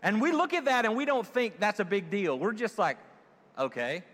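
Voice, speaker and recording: A man's voice: high voice, very animated, a little fast, fairly bright tone. A man preaching a sermon to his congregation in a church, jokey and conversational, often asking them questions. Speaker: pastor. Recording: long hall reverb.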